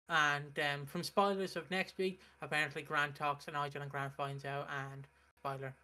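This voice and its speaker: Brief: young male host, bright, slightly high voice, rambling plot recap. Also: level tone, moderate pace, clean tone. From United Kingdom. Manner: recaps the plot with many fillers and restarts. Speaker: soap opera reaction host. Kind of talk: casual recap chat.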